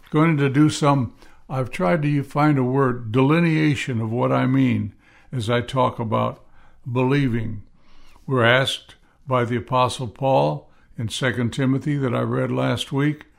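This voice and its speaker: A man with a gravelly, creaky voice gives a podcast Bible teaching. He takes his time, reading scripture slowly and deliberately and stressing the words that matter. His pitch sits in an ordinary middle range.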